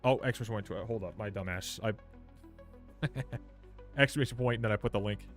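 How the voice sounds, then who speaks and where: Young male game streamer, lowish voice, loose and profane, faint music underneath. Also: fairly quick. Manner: swears freely, reacts loudly, reads patch notes aloud. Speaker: livestreamer. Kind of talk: casual live game stream.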